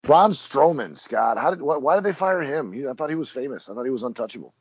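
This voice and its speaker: A man co-hosting a podcast in casual chat who rambles and swears, with halting restarts. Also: medium pitch, expressive, breathy edge, no room sound. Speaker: podcast co-host. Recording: dry, dull lo-fi audio.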